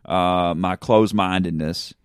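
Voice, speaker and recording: A man with a low, smooth voice, talking like a preacher in an easy chat. He repeats himself and asks if you follow. The sound is close and dry, recorded in a church. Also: unhurried, no echo. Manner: fervent, preacher-like, repeats "you know what I'm saying". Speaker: pastor. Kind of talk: casual chat.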